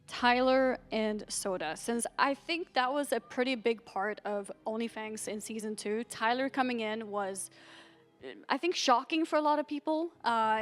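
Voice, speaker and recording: Woman hosting a con panel, kinda high voice, lively questions. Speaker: panel moderator. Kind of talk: moderating a live panel. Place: convention stage.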